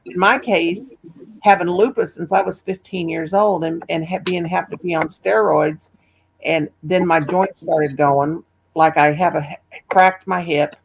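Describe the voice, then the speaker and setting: A woman's voice: on the low side, steady tone, unhurried, vocal fry, breathy edge, poor audio. A woman from Missouri, hosting a casual livestream chat in a homey, emotional way and calling her viewers honey and darling. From Missouri, USA. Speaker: livestream host.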